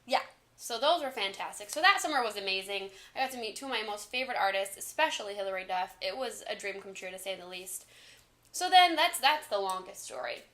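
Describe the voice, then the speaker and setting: A woman in her twenties telling a storytime vlog, talking fast in an excited, gushing way. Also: mid-range voice. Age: 20s. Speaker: vlogger.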